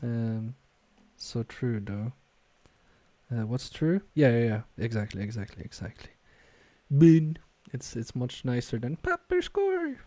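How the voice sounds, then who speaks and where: A man's voice: medium pitch, very animated, unhurried, mellow, no echo. A man casually live-streaming a repair from his home workbench, reading viewer chat aloud and muttering to himself with self-mocking humor.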